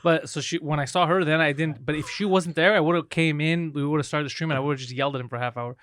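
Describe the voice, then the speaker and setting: A man co-hosting a casual comedy podcast, telling rapid profane stories and mocking his friend's voice. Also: on the high side, fairly even intonation, a bit bright, smooth, no room sound. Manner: rapid storytelling, profane, mimics others mockingly. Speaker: podcast co-host.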